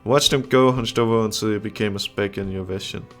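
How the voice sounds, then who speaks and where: A man's voice: on the low side, steady tone, fast talker, soft background music. Young man reading a visual novel aloud. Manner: reads the game text aloud, with frequent laughs and crude asides. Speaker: gamer playing a visual novel. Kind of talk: casual let's-play commentary.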